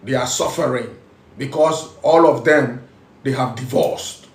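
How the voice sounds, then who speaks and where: A man's voice: medium pitch, unhurried, echoey room, distant mic. A man with a Ghanaian accent, speaking as a spiritual teacher, emphatic and repetitive, switching between English and local phrases. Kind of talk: preaching talk.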